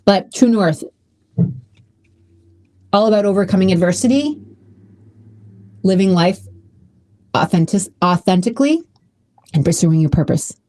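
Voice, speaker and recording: A woman's voice: mid-range voice, expressive, a little slow, long pauses, mellow. A woman hosting her own podcast, talking casually and emotionally with many restarts. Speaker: podcast host. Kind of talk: casual solo podcast talk.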